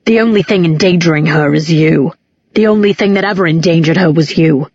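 A woman voicing a grieving, bitter grown man in an audiobook, with a low, cutting delivery. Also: a little fast, darkish tone, no room sound. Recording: dull, muffled recording.

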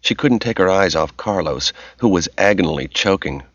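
A man giving steady, measured scripted narration of a novel, in a dull, lo-fi audiobook recording. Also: low-pitched, no echo.

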